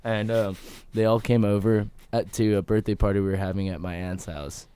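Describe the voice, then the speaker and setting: A young man chatting casually as a podcast guest, telling lively stories and swearing freely. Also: on the low side, moderate pace, clean tone. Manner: animated storyteller, swears freely. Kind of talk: casual chat.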